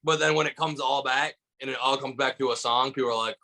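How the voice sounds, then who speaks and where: A young comedian from Michigan talks shop on a podcast, his voice bright and forward at a middle pitch. He rambles through anecdotes, stacking "like" after "like". His delivery stays animated and loose throughout. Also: quick pace, low-quality recording. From Michigan, USA. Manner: animated storyteller, heavy use of "like" fillers. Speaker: stand-up comedian, guest. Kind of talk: casual podcast chat.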